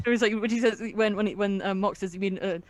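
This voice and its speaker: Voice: medium pitch, steady tone, moderate pace, no room sound. Chatty game master narrating a tabletop game, laughing along. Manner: chatty, laughs between lines.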